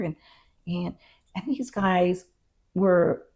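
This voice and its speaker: Her voice sits on the low side with a breathy edge, unhurried and full of pauses. A woman county constable, she narrates her story in an interview, animatedly performing the back-and-forth and leaning on fillers such as "um" and "you know."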